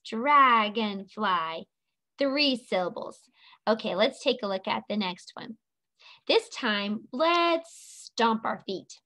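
A woman teaching an online preschool lesson, talking to young children in a slow, sing-song way and stretching out each word. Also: fairly high pitch, a bit bright.

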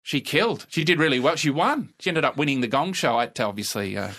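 A middle-aged Australian comedian telling stories in a podcast interview, with a laconic, dry and wry delivery. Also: male voice, fairly high pitch, animated, quick pace, fairly bright tone. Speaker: comedian guest. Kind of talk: casual storytelling interview.

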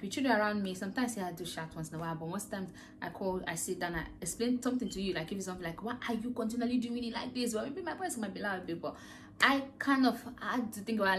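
A woman hosts an earnest, rambling motivational talk, asking her listeners question after question. Her voice sits at a middle pitch. A faint background hum runs under her speech. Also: fast. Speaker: podcast host.

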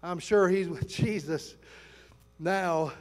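A man in his sixties delivers a sermon, acting out the people in his stories. His voice sits very high for a man, and it echoes with a long reverb through a large church sanctuary. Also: slow pace. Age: 60s. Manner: animated storytelling, acts out quotes. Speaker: pastor.

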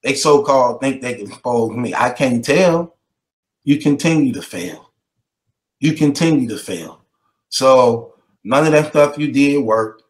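A man's voice: mid-range voice, expressive, a little slow, reverberant. A man delivering a mocking rant to the camera, taunting and repeating his jabs and breaking into laughter between them.

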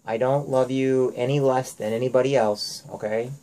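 A man's voice: mid-range voice, steady tone, normal speed, warm tone, rough recording. A father talking earnestly with his young daughter at home, firm and lecturing, often checking in with "okay?".

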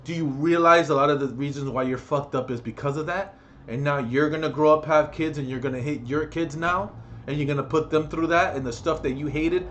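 A man delivering a heated, profane vlog rant straight to the camera, with loud outbursts. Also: a little high, a little fast. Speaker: vlogger. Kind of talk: ranting vlog monologue.

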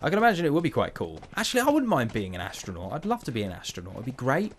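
A man's voice: mid-range voice, wildly swooping pitch, very fast, a little hiss or hum. A man giving playful, chatty let's play commentary, joking to himself as he plays. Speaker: gamer.

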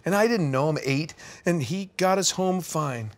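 A middle-aged man co-hosting a casual video game chat, telling an animated story and acting out the people in it. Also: fairly high pitch, moderate pace. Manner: animated storyteller who acts out the people in his stories. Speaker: co-host.

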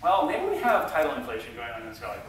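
A middle-aged man giving a conference talk from a stage, a self-confessed low talker who is chatty and self-deprecating and talks back and forth with the audience. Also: big pitch swings, very fast, heavy background noise. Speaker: conference speaker. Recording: echoey hall, heard from far off.

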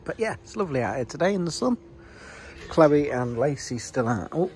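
Dad vlogging in the garden, lively up-and-down voice, faint music behind. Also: male voice, moderate pace. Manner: chatty, teasing, lively swings into high sing-song voice with pets and kids. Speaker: vlogger, father. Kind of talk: casual family vlog chat. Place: home garden outdoors.

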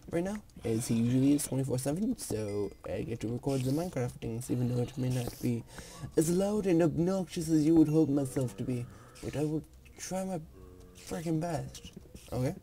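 A young man giving casual let's play commentary while gaming, excitable, swearing and gasping. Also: mid-range voice, slight background noise. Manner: excitable, swears, gasps and sings jokingly. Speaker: gamer.

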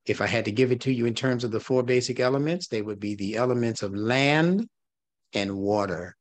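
Speaking fairly quickly in a mid-range voice, a man teaches a recorded religious class with no room sound. He repeats his key points and tests his listeners with rhetorical questions.

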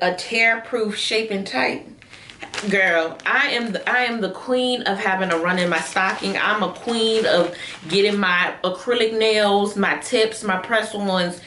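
A young woman talks through a clothing try-on, chatty and animated, breaking into high squeals when excited. Her voice sits at a middle pitch. The room is echoey, with faint noise in the background. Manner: chatty, addresses viewers as girl and y'all. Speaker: beauty vlogger reviewing shapewear. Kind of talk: casual try-on haul.

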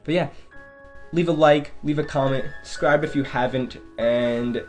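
Casting note: young male vlogger, casual storyteller, mid-pitched and loose, with soft music under him. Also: unhurried. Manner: casual, swearing, repeats himself.

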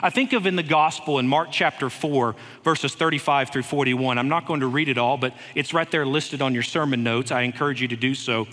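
A man preaching a sermon in a church, earnest and unhurried, with light touches of humor. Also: mid-range voice, a bit bright. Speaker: head of school preaching. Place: church sanctuary. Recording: long reverb of a church hall.

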